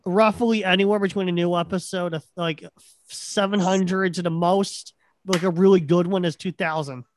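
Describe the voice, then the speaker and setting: A man's voice: sits high, steady tone, normal speed. A man hosting a casual podcast chat, easygoing and agreeable. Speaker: podcast host.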